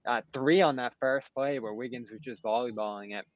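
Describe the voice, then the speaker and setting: A man giving postgame basketball analysis in a measured, analytical way. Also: medium pitch, no echo, muffled recording. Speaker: sports analyst.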